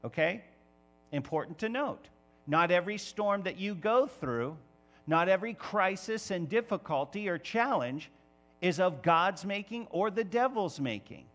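A man preaching a sermon as pastor of a church, lively and emphatic, sometimes rising to near-shouts. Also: high-pitched, unhurried.

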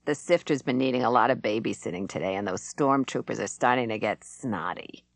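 Brief: female narrator as gruff grumbling guard, low-voiced, dry close recording, audiobook. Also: a little fast, no room sound, heavily acted. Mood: surly. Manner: growling, surly. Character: gruff middle-aged male prison guard.

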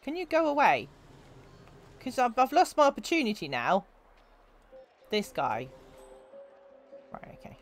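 A woman's voice: on the high side, wildly swooping pitch, measured pace, long pauses, faint music behind. A young woman streaming a video game, chatting and giggling with her viewers as she plays. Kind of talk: casual gameplay commentary.

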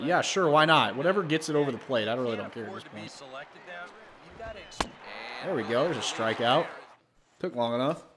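Swearing gameplay commentator over crowd noise. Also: male voice, fairly high pitch. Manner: swears and yells in bursts of frustration, then talks himself calm. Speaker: gaming video creator.

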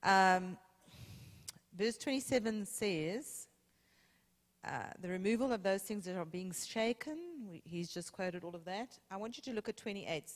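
A woman's voice: medium pitch, measured pace, in a large hall. A woman, a guest preacher teaching from scripture with playful emphasis. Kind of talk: sermon. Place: church sanctuary.

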